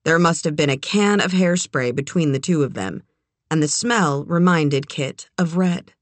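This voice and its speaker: A woman narrating a novel in a measured, expressive way. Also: low-pitched, no echo. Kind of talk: audiobook narration.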